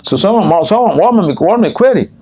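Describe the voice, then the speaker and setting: Lively older male swami telling stories. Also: brisk. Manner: storytelling, chuckles often, jumps high in pitch for quoted speech. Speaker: swami teaching scripture. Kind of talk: scripture class with personal anecdotes. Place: temple room.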